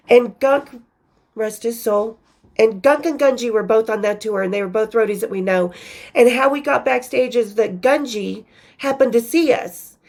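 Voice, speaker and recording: A woman's voice: on the high side, a little mellow. A woman hosting her own show, reading from her old journals in a candid, profane, casual storytelling manner with laughing asides. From western United States.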